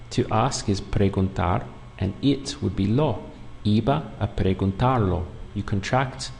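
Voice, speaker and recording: Gravelly-voiced man teaching a language lesson. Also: fairly low pitch, warm tone. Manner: patient, clear step-by-step explaining. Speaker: Spanish teacher. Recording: long room reverb, faint background noise.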